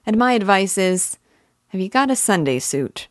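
A woman's voice: mid-range voice, big pitch swings, normal speed, no room sound, clean studio sound, pitched above the performer's own voice, lightly acted. A woman voicing a garrulous old male parish clerk who rambles in folksy rural dialect. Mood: advising.

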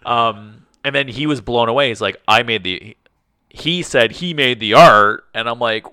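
A man's voice: mid-range voice, brisk, clear, resonant tone, no room sound, studio quality. A man co-hosting a casual podcast chat, telling rambling stories peppered with "like" and acting out the conversations he quotes. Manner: rambling storyteller, heavy use of "like"; animated, acts out quoted conversations. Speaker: podcast co-host.

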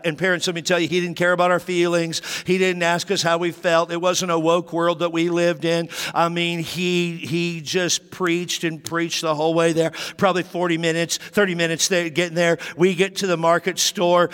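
A man's voice: a bit bright, smooth. A pastor telling a personal childhood story in his sermon, acting out the dialogue. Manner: storytelling, acts out dialogue with raised pitch. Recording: long hall reverb.

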